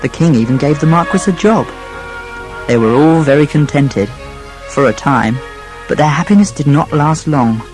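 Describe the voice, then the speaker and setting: A man narrating a children's storybook, speaking gently to a young listener. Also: a little high, normal speed, faint music behind, poor audio.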